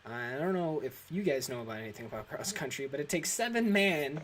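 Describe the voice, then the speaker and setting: A man's voice: a little high, lively intonation, fairly quick, fairly bright tone, a little hiss or hum. A young man vlogging, telling a story in a rambling, casual way full of fillers like "like" and "um". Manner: rambling, filler-heavy, restarts often.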